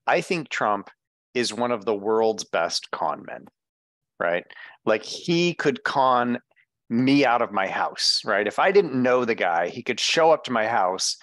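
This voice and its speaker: A man's voice: medium pitch, takes it slowly, dry recording. Chatty man co-hosting, dry sound. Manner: animated, talks in run-on asides with frequent "right?". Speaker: podcast co-host. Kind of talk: casual political chat.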